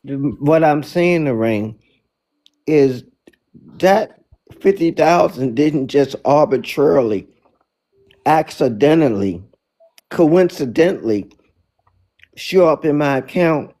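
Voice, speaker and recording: Brief: man motivational speaker, higher voice, slow and emphatic, preaches with repetition. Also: expressive, warm tone. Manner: preachy, emphatic, repeats key phrases. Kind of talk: inspirational faith talk.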